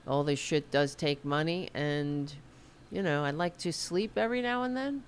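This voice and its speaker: A middle-aged woman with a New York accent hosts a political livestream, her low-pitched voice moving at a normal speed over slight background noise. She rambles and swears in a loose, casual way and seems self-conscious about her hair.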